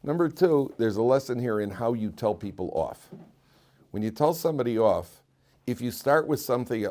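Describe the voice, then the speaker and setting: A man's voice: medium pitch, expressive, moderate pace, a little mellow. A man, a rabbi, giving an informal Torah lecture in a conversational, joking way, often repeating and restarting his words. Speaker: rabbi teaching a weekly Torah class.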